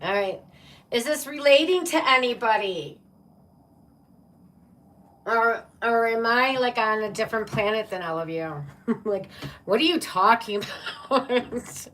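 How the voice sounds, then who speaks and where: A woman hosts a casual tarot stream and talks to her viewers in an unhurried, affectionate way. Her voice sits a little high and she laughs easily. The mic is some distance away, and a faint background hum runs under her speech. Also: fairly bright tone. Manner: chatty and playful, laughs often, talks to viewers as "my love" and "baby". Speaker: tarot reader.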